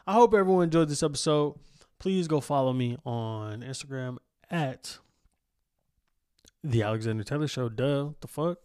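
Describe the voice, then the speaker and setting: A man's voice: mid-range voice, a little mellow, clear, resonant tone. A young man hosting his own podcast from a home studio, rambling and swearing freely, laughing at himself. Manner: profane, rambling, self-mocking, laughs often. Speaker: podcast host. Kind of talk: casual solo podcast outro. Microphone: studio microphone.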